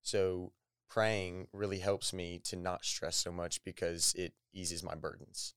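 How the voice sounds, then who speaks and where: A shy young man answers a podcast interview in a very low, smooth voice. He talks hesitantly and keeps his answers short, and the sound is dry and close. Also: flat delivery, unhurried, fairly bright tone, no room sound. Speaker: podcast guest. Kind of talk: casual interview.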